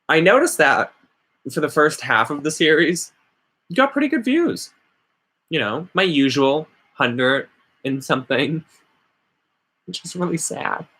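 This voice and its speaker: Chatty sarcastic guy venting on his channel, bright voice, pitch all over the place. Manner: sarcastic, rambling. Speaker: witchcraft vlogger. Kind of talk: casual ranting vlog.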